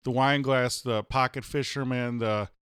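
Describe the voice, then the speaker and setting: A man co-hosting a casual podcast, relaxed and jokey. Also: mid-range voice, unhurried, smooth, dry recording, clean studio sound. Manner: relaxed, jokey, slips into silly voices. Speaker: podcast co-host. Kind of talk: casual chat.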